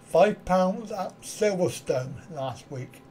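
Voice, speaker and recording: Expressive and unhurried, a middle-aged man from the United Kingdom speaks in a high, warm voice over a faint hiss or hum. On his live stream he casually responds to viewer comments and often chuckles at his own wry, self-deprecating asides.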